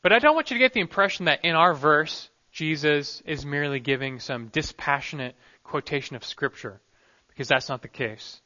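A pastor preaches an expository sermon earnestly and emphatically, often letting his phrases trail off softly. His voice sits a little high and he talks a little fast. The lo-fi recording is dull.

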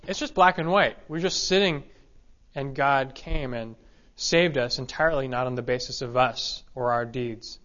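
Emphatic, bright-voiced male pastor preaching. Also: on the high side, lo-fi sound. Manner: emphatic, repeats key phrases, reads scripture aloud. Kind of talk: expository sermon.

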